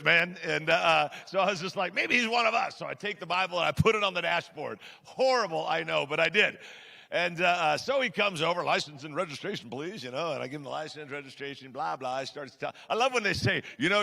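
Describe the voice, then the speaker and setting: A man's voice: high voice, vocal fry, pushed and bright. A middle-aged man preaching, telling a story in a chatty, self-deprecating way with many fillers, in a church sanctuary. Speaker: guest pastor. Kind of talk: sermon storytelling. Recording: large hall with long reverb.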